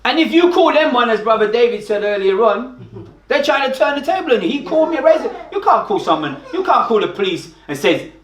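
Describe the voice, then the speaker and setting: A man speaking emphatically in an animated group discussion, expressive and lively. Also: very high-pitched, fairly quick. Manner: emphatic, expressive, acts out quotes. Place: meeting room with listeners. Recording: echoey room with a group around.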